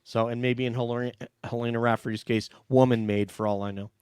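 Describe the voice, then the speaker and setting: A man's voice: medium pitch, flat delivery, fast, clean tone, no room sound, clean studio sound. A man hosting a casual livestream panel, reading out viewer donations in a chatty, joking way. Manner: chatty, jokey, thanks viewers warmly. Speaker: host reading super chats.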